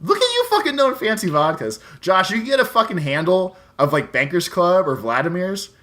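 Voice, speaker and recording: A man's voice: high voice, sing-song, brisk, sharp tone. A man co-hosting a podcast, swearing freely and teasing his co-host. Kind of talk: casual chat.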